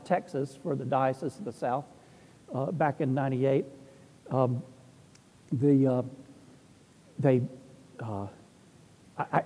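A man's voice: medium pitch, warm tone, husky. A middle-aged man, an Orthodox priest, telling rambling, humorous stories in a casual talk. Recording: long hall reverb.

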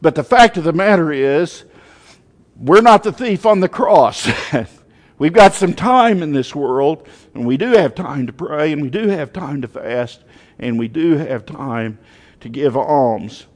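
A man preaching a sermon to his congregation, telling a story with emphatic, animated rises in his voice. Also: a little high, unhurried, long reverb tail.

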